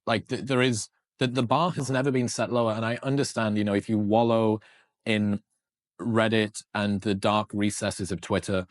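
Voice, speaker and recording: A man's voice: fairly low pitch, no echo, clean studio sound. A man in a casual podcast conversation, candid and reflective, swearing now and then.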